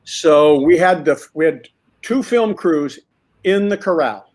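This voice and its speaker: A man acting as a guest on a call, telling a set story in a lively way with quick voices for the people in it. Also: fairly high pitch. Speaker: actor guest. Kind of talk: casual anecdote telling.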